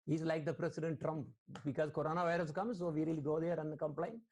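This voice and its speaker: A man's voice: on the high side, fairly even intonation, fast, darkish tone. A man, a spiritual teacher, giving an online sermon over a video call, quoting Sanskrit verses and questioning his listeners.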